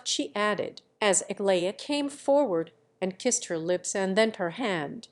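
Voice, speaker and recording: Woman, audiobook narrator, classic novel, measured storytelling, very slow pace. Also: medium pitch, animated.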